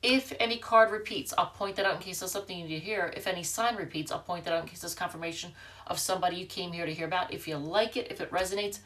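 A woman with a somewhat low voice reads tarot cards in a casual, chatty way. Her voice sounds stuffed up and congested, and she wanders with fillers and restarts as she talks through the spread. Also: quick pace, fairly bright tone. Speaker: tarot reader. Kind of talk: casual tarot card reading.

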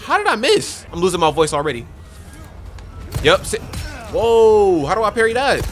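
A young man giving excitable let's play commentary on a horror game, talking to his viewers and yelling at enemies on a desk microphone. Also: high-pitched, moderate pace, soft background music. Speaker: gaming youtuber.

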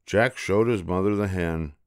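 An older man reads a children's fairy tale aloud at a gentle, unhurried pace. His voice is deep and low. It is recorded on a close mic in a dry, dead-sounding space. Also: clear, resonant tone, no room sound. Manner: slow, gentle, repetitive storytelling. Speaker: storyteller.

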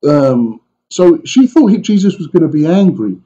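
A man preaching a conversational sermon as a pastor in a church, with animated asides to the congregation. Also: on the high side, moderate pace, dull audio.

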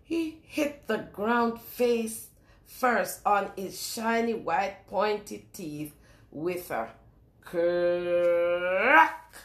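A woman reading a picture book aloud to young children in a lively sing-song way, stopping often to ask them questions. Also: medium pitch, extremely slow, roomy sound. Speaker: children's storyteller.

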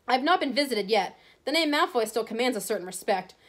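A woman's voice: on the high side, expressive, fairly quick. Haughty aristocratic wizard, cold and clipped, read by a woman. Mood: disdainful. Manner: disdainful, clipped.

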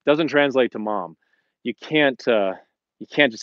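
A middle-aged man talks at an ordinary pitch in a rambling, chatty way, acting out the lines he quotes. His voice sounds dull and lo-fi. The room around him is dry, with no echo. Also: measured pace. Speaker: fitness instructor and host. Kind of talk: casual live-stream chat. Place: home in the Colorado mountains.

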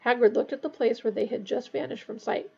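Husky, gravelly woman reading a novel. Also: a little high, fairly quick, dull audio. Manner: steady storytelling with brief asides. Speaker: reader.

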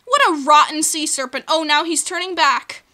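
A woman with a high, bright, forceful voice hosts a video game let's play at a moderate pace. She gives playful gaming commentary and talks to the creatures on screen.

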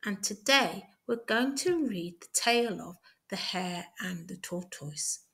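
A woman tutor reading a children's story aloud, clear, deliberate and expressive. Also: medium pitch.

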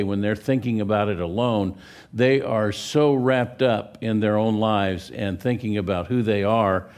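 Texan pastor preaching a folksy sermon. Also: male voice, fairly low pitch, a little mellow. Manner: folksy storyteller, pauses and restarts. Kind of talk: sermon with a story. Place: church sanctuary.

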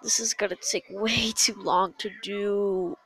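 A woman giving gameplay commentary, muttering in frustration and breaking into sudden shouts. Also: medium pitch, steady tone, unhurried, breathy edge, rough recording. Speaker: gamer.

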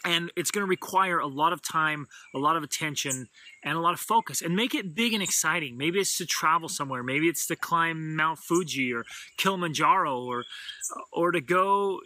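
A middle-aged man giving an energetic motivational talk as host, acting out quoted lines with enthusiasm. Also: on the high side, dry recording.

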